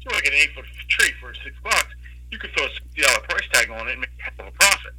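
A man's voice: medium pitch, fast, breathy edge, low-quality recording. A man telling a long, profane story in casual talk, acting out the people in it as he goes. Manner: profane, animated anecdote with quoted voices.

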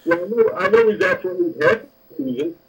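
A man's voice: very high voice, big pitch swings, brisk, creaky, low-quality recording. A man co-hosting a casual talk show, making short, offhand remarks and hedging a little. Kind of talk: casual chat.

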